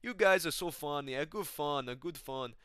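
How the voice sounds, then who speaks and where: A man putting on the voice of a very stoned, giggly male fighter who slowly repeats short phrases. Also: on the high side, pushed and bright, smooth, no echo, clean studio sound. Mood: dazed giggly.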